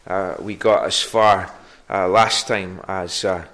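A man preaching an evening sermon, pausing often with fillers and restarts. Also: deep voice, steady tone, a bit bright. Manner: halting, many fillers and restarts.

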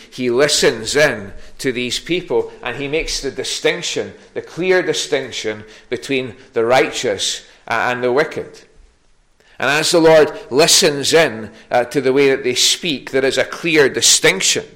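A man preaching an evening sermon, pausing often with fillers and restarts. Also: mid-range voice, fairly bright tone. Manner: halting, many fillers and restarts.

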